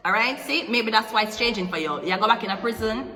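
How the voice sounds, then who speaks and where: A woman's voice: a little high, animated, fast talker, sharp tone. A woman hosting a casual tarot reading in a loose, chatty way, now and then breaking into song. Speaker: tarot reader and channel host. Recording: echoey room with long reverb and music. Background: music playing.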